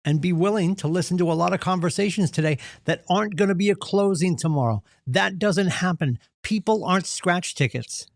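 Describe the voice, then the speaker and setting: A man's voice: high-pitched, a little fast, creaky, few pauses, no echo, studio quality. A man leading a real estate team's morning meeting, giving an earnest, punchy motivational talk and acting out the excuses people make. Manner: earnest, punchy, acts out quoted voices. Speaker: real estate team leader.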